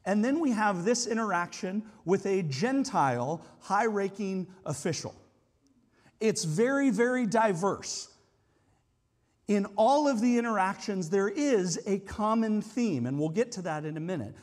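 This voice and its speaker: A male pastor preaches in a relaxed, explanatory way, often hedging his points with casual asides. His voice sits high and swings widely in pitch. The sound carries a long hall reverb, as in a church sanctuary. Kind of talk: sermon.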